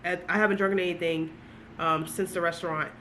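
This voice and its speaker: A woman's voice: on the low side, fairly even intonation, a little fast, a bit bright, a little hiss or hum, pitched below the performer's own voice, close to an everyday voice. A woman voicing an earnest teenage boy, a loyal best friend who stumbles over his words.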